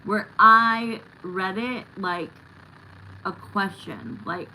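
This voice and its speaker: A woman's voice: medium pitch, animated, slow pace, sharp tone, a little hiss or hum, poor audio. A middle-aged woman hosting a live tarot stream, chatting casually and bluntly with viewers and swearing now and then.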